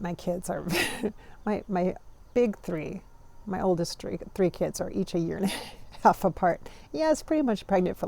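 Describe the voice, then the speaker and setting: A woman in her forties reflects aloud in a casual vlog, wandering from thought to thought and laughing often. Her voice has a gravelly fry and a mellow, darker color. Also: fairly low pitch. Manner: rambling, warm-hearted, laughs often. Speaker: vlogger.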